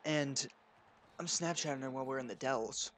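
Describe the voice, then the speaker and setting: A man's voice: mid-range voice, moderate pace, a bit bright. Crude, profane young man ranting. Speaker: gaming channel host. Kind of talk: casual storytelling over gameplay.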